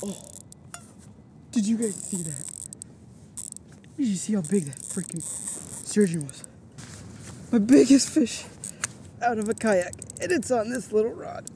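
A man vlogging from a kayak while fishing, exclaiming and talking excitedly to his viewers, short of breath. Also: high-pitched, a little slow, long pauses. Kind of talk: excited outdoor commentary. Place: on a kayak on open water. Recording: noisy outdoor recording.

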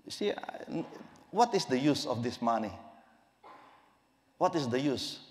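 A man's voice: medium pitch, animated, measured pace, long reverb tail, a little hiss or hum. A man preaching a sermon as pastor, emphatic and repeating key phrases.

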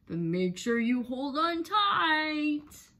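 A woman's voice: sits high, sing-song, drawn-out words, bright, forceful tone, pitched above the performer's own voice, full character voice. A woman doing a kindly storybook horse. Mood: gentle. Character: kindly male farm horse, gentle and caring. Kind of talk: picture-book read-aloud for children.

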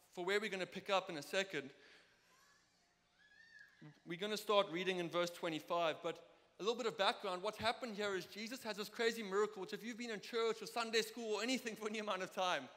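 Bright-voiced South African preacher in a hall. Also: male voice, high-pitched. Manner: lively, storytelling, acts out dialogue. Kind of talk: sermon with personal stories. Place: church. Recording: long reverb of a church hall.

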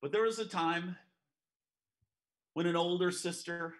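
A man preaching a sermon at a church service, telling a story with animated, joking asides. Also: high voice, unhurried.

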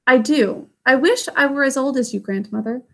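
A woman's voice: high-pitched, moderate pace, creaky, fairly bright tone, exaggerated voice. A woman reading aloud, voicing an eager young princess who asks her grandmother questions. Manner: pleading, questioning.

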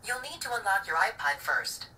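A synthetic woman's voice of a voice assistant, answering politely in an even, machine-like way, played from a device speaker. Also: medium pitch, moderate pace, recorded from a distance. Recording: device speaker heard from off mic, loud noise.

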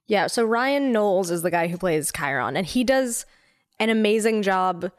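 A woman's voice: medium pitch, no room sound, studio quality. Chatty woman co-hosting a podcast. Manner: animated, talks fast with many fillers and restarts. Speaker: podcast co-host. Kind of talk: casual chat.

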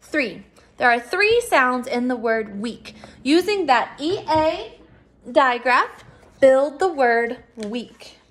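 A woman teacher giving a recorded phonics lesson for children, patient and sounding out words slowly. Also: sits high, lively intonation.

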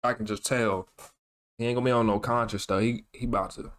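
A man with a mid-range voice hosting a music reaction. He talks casually and excitedly in loose slang. He often repeats his phrases. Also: mid-range voice, fast talker.

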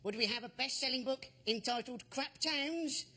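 A man on a comedy panel doing a stand-up routine, with deadpan delivery and sweary asides. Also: extremely high pitch, moderate pace. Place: TV studio with audience.

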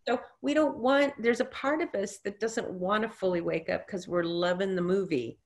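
A woman guest in a casual interview, telling stories in an animated way and acting out what people said, with a reassuring, teacherly manner. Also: mid-range voice, normal speed. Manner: animated storyteller who acts out quotes. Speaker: guest, intuitive reader.

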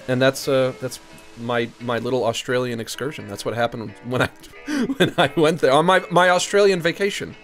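Male streamer with a mid-pitched voice, joking and rambling through casual chat. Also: moderate pace, a bit bright, faint music behind.

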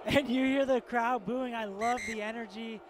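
A man's voice: extremely high pitch, fairly even intonation, moderate pace, background noise. A man doing color commentary on a live rugby match, enthusiastic and chatty, with plenty of fillers.

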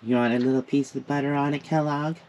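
A man's voice: medium pitch, steady tone, fast talker, darkish tone, dull audio, slight background noise. A man chatting cheerfully through a casual gardening vlog outdoors at a camp, cooing at his pets. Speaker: vlogger.

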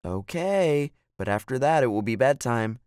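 A man's voice: medium pitch, lively intonation, moderate pace, darkish tone, clean tone, no echo, studio quality, natural voice. A man voicing a kind, firm mother sending her child to bed in a storybook reading.

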